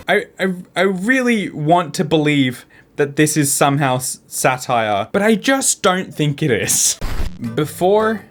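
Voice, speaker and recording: A man's voice: fairly high pitch, unhurried. Guy doing snarky reaction commentary, voice swings up and down a lot, lil music underneath. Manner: sarcastic, laughs often, lively. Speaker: video commentator.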